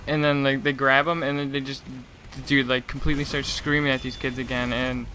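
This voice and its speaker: A young man tells a long, meandering story in a loose, chatty way, stumbling and restarting often. His voice has a bright, forward edge. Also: mid-range voice, flat delivery, brisk, slight background noise. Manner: rambling, lots of "like" and restarts, laughing asides. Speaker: gaming channel host. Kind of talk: casual storytelling rant.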